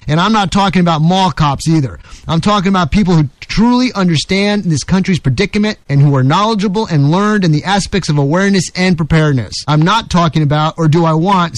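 A man's voice: high voice, dry recording. Emphatic, combative male radio host. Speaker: radio talk show host. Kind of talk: opinion monologue on talk radio.

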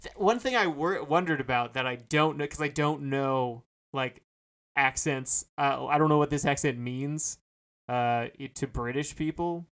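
A man's voice: mid-range voice, a little slow, fairly bright tone. A man co-hosting a casual music podcast, rambling with lots of fillers and restarts. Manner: rambling, hesitant, many fillers. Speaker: podcast co-host. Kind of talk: casual chat.

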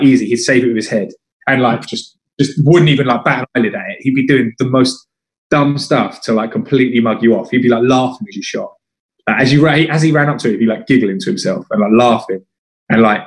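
A man telling football stories in casual chat, acting out what others said. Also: mid-range voice. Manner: animated, acts out quotes of others. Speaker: former footballer guest. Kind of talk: casual storytelling. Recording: roomy echo.

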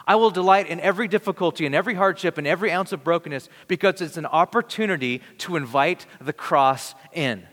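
A man preaching a sermon in an earnest, conversational way, with dramatic pauses. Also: fairly high pitch, fairly bright tone. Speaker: pastor. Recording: long reverb of a large hall.

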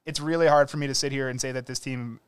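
A man co-hosting a sports podcast, chatting casually with quick, opinionated takes. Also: medium pitch, clean tone, dry recording. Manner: quick, opinionated, animated storytelling. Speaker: podcast co-host.

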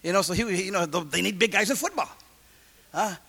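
A middle-aged man preaching a sermon and telling his own testimony in street slang, going from loud calls down to hushed asides. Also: sits high, lively intonation, fast, vocal fry, slightly rough.

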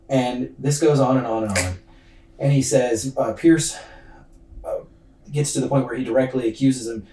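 A man's voice: mid-range voice, normal speed, dark tone. A man hosting a podcast who tells a true-crime story casually, with loose slang and a lot of fillers. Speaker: podcast host. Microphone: laptop's built-in mic. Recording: distant roomy computer-mic recording.

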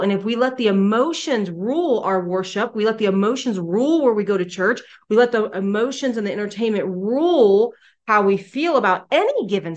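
A woman teaching a Bible study, emphatic and animated, often restarting her phrases as she speaks. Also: medium pitch. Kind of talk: devotional teaching.

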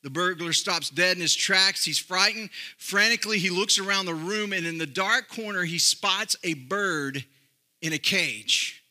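High, bright-voiced preacher man. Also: unhurried. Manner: emphatic preaching with rising, sung-out phrases. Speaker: pastor. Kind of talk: sermon.

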